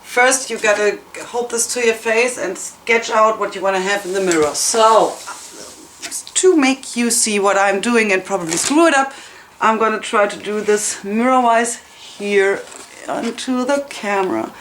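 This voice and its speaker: A woman's voice: mid-range voice, unhurried, fairly bright tone. Rambling self-mocking woman in a roomy space. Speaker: craft tutorial host. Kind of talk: casual crafting tutorial. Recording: roomy, distant, noisy home recording.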